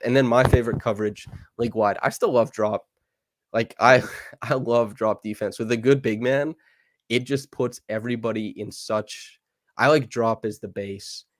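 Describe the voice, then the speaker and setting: A man with a fairly low voice talks through basketball tactics with quick, eager energy, piling on casual fillers as he goes. The sound is dry and close, with next to no room around him. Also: no echo. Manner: fast, enthusiastic breakdown with fillers. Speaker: podcast host. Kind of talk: casual basketball analysis chat.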